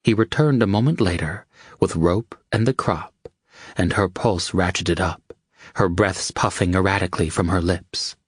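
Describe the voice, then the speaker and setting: A male audiobook narrator with a very low, husky voice, reading in a steady, measured way. The sound is dry and close, with no room around it. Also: no room sound. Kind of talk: scripted narration.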